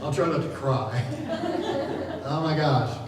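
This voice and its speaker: Laughing often, a middle-aged man delivers a jokey, conversational seminar to an audience in a large room. He speaks in a mid-range voice at a measured pace, and the recording sounds distant and echoey, with hall noise.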